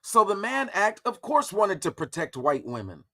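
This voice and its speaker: A man hosting a casual livestream, talking through history in a slangy, profane, animated way. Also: high voice, normal speed. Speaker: host.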